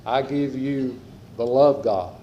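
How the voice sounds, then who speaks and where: Slow, measured male preacher. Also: mid-range voice, lo-fi sound, a little hiss or hum. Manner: slow, measured preaching with repeated phrases and dropping endings. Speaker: pastor. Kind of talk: sermon. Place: church sanctuary during a service.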